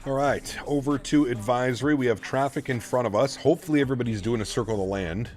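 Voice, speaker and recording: A man live-streaming a flight simulator session, giving relaxed, chatty commentary to his viewers as he runs through cockpit checks. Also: mid-range voice, fast talker, faint music behind. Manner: relaxed, chatty, talks to chat while flying. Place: home flight sim setup.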